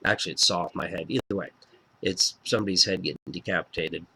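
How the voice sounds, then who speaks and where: An excitable man reviews an album he loves in a casual video. He swears freely and gets worked up as he talks. His voice sits on the low side. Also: fast, vocal fry, a little hiss or hum. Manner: excitable, profane and fan-gushing.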